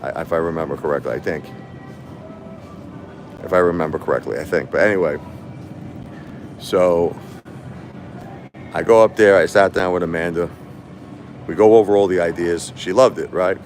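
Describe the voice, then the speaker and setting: Deep-voiced man rambling on a livestream. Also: moderate pace, long pauses, a little hiss or hum. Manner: rambling, repetitive, animated when quoting others. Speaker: livestream host. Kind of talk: casual livestream storytelling.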